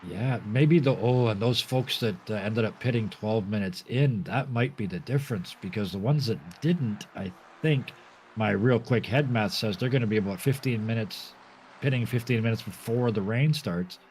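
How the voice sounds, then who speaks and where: A man's voice: fairly low pitch, normal speed, darkish tone, a little hiss or hum, rough recording. A man from Canada commentating a sim race live, chatty and laughing often.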